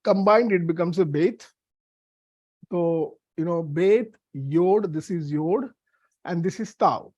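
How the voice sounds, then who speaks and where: A man from India, teaching a Bible lesson on Hebrew letters in a halting way with many fillers. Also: on the high side, a little mellow, dry recording, highs cut off.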